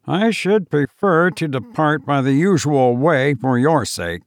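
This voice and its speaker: A man's voice: on the high side, animated, measured pace, no room sound, studio quality, pitched above the performer's own voice. A man voicing a broke young schemer with a light, mocking manner.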